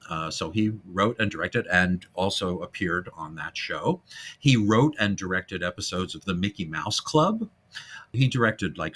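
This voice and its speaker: A man hosting a casual film-history podcast, animated and jokey, now and then breaking into silly voices. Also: on the low side, breathy edge. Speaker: podcast host.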